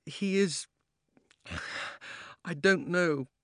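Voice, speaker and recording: A man reading an audiobook, voicing a troubled young boy who answers in a strained, pleading voice and sometimes bursts out loudly. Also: medium pitch, fast, dry recording, clean studio sound, lightly acted. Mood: miserable. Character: anxious young boy torn by a hard choice.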